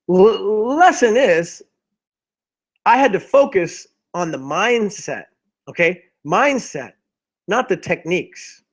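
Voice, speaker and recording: A man with a high, light voice tells a story from his sales career on a group call. He talks in animated bursts, often restarts a phrase, and acts out what he and others said. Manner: animated, acts out his past self in quotes, many restarts. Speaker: motivational speaker.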